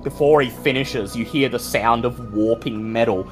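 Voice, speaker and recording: Guy running a vampire tabletop game, calm and descriptive, quiet music under. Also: mid-range voice, moderate pace. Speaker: game master.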